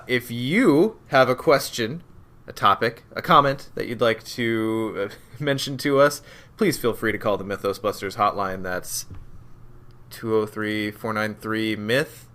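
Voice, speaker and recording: A man's voice: on the low side, animated, normal speed, sharp tone. A man hosting a podcast, upbeat and steering the casual chat along. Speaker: podcast host.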